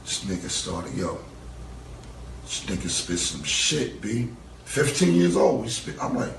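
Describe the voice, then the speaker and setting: Gravelly New man telling stories. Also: medium pitch, animated, fairly quick, a little hiss or hum. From New York. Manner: rambling, acts out quoted dialogue. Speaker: interview guest. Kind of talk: casual storytelling interview. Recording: roomy, distant-mic recording.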